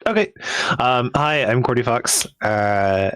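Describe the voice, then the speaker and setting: A man's voice: medium pitch, slow, a bit bright, smooth, no echo. A man from the Pittsburgh area, a guest caster and card game organizer, talking casually with many ums. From Pittsburgh area, USA. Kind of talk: casual chat.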